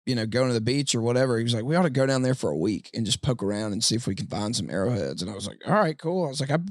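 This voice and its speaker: A man's voice: medium pitch, rapid-fire, no room sound. Guy rambling thru a story, lots of like and dude, dry close mic on a tour bus. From Mississippi. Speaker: podcast guest. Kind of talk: casual storytelling.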